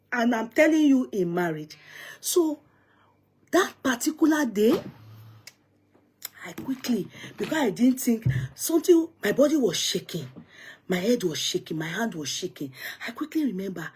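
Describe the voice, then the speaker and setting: A middle-aged woman with a Nigerian accent, telling a personal story with dramatic swings from hushed whispers to loud outbursts. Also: mid-range voice, a little hiss or hum. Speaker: vlogger.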